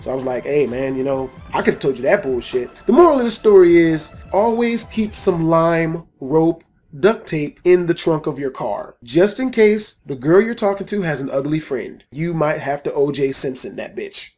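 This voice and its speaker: Faint music plays behind this man's high-leaning voice as he talks at a moderate pace. In a casual vlog, he recounts a personal story, swearing often and animatedly acting out the scenes.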